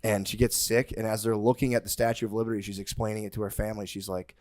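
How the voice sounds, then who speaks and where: A man's voice: lowish voice, level tone, a little mellow. A man co-hosting a comedy podcast, telling stories in casual chat that is loaded with "like" and slang. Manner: fast, slangy storyteller full of "like". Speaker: podcast co-host.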